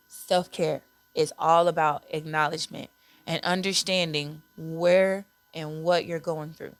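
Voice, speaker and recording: A woman hosting a podcast, talking candidly and conversationally about self-care and parenting, repeating words for emphasis. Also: on the low side. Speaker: podcast host.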